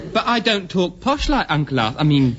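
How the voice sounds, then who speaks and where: A young actor playing a naive, slow-witted young bank clerk who talks hesitantly in a radio sitcom. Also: male voice, on the high side, sing-song. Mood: timid. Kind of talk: 1970s radio sitcom acting. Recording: very hissy, dull old radio recording.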